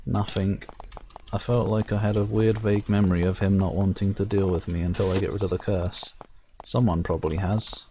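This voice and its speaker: A man's voice: sits low, warm tone, a little hiss or hum. A man playing a fantasy game, reading its narration aloud with wry asides. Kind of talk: let's-play commentary reading game text.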